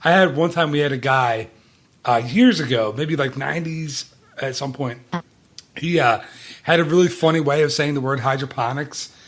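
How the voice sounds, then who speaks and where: Middle-aged guy hosting a chatty podcast, keeps laughing, voice sits a bit high. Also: normal speed, fairly bright tone. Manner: laughs often while talking. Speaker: podcast host. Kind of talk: casual podcast chat.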